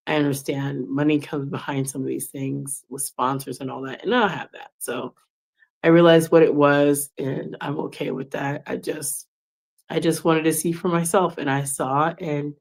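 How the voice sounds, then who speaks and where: A woman's voice: low voice, vocal fry, darkish tone. A woman in her forties hosting a podcast, talking casually and personally late at night, acting out the exchanges she recalls. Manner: casual, chatty, acts out quoted exchanges. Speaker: podcast host.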